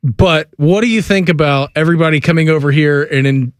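A man's voice: a little high, a little fast, no room sound, studio quality. A man hosting a sports radio show, chatting casually and laughing through his stories.

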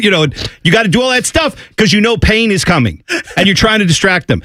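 A man hosting a sports talk show, opinionated and animated, sometimes slipping into exaggerated impressions. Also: high-pitched, quick pace, dry recording. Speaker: sports radio host.

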